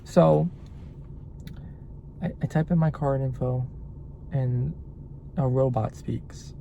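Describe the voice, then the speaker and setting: A young adult delivery driver vlogs a casual rant, animated, exasperated, and swearing a lot. The voice is mid-range at a measured pace with frequent pauses, and there is slight background noise.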